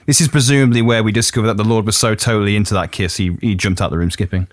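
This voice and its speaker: A man with an English Midlands accent, hosting a podcast and retelling a legend in a playful way, quick to laugh at his own jokes. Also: lowish voice, steady tone, no room sound, clean studio sound. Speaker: podcast host.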